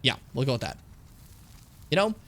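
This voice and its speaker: A man giving casual, animated commentary while playing a video game, swearing and yelping when things get tense. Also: medium pitch, normal speed. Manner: animated, swearing, yelps and pleads when in danger.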